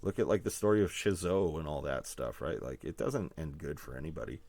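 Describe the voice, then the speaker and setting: A man's voice: extremely low pitch, lively intonation, a little fast, darkish tone. A man from Manitoba, Canada, a guest musician telling rambling stories in casual chat, laughing often.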